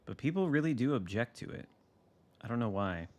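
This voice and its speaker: A man's voice: mid-range voice, animated, fairly quick, darkish tone, a little hiss or hum. A man streaming a naval battle game, chatting casually with dry, wry asides as he thinks aloud. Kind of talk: casual live gameplay commentary.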